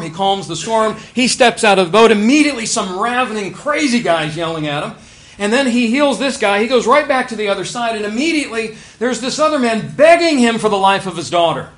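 A man preaching a sermon, swinging between loud emphasis and quiet asides and asking his listeners rhetorical questions. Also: sits high, expressive, fairly quick.

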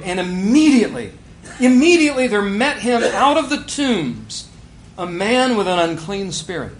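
A pastor preaching a sermon, animated, building to near shouts on key points. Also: male voice, high-pitched, a little hiss or hum.

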